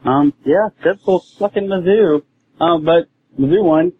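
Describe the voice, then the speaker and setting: A man's voice: fairly high pitch, slightly rough. Rambling man on a tinny phone line. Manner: rambling, halting analysis. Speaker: voicemail caller.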